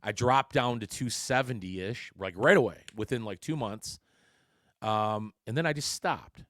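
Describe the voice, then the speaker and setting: A man's voice: on the low side, measured pace, a bit bright, no room sound, studio quality. A man hosting his own podcast, telling a story in a blunt, rambling way full of swearing. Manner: blunt and heavily profane, rambling with frequent restarts. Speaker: podcast host. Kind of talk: casual solo podcast storytelling.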